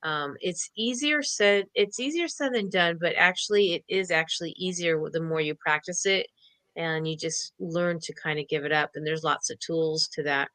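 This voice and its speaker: A woman's voice: sits low, normal speed, a bit bright, no room sound, poor audio. A woman co-hosting an online show, chatting casually and upbeat while pulling cards and laughing often. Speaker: co-host doing card readings.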